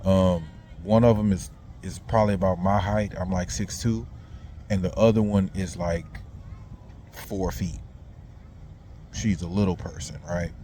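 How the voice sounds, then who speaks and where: A man's voice: low voice, steady tone, unhurried, dark tone, slight background noise. A man casually recounting a dream in a rambling, slang-heavy monologue full of fillers.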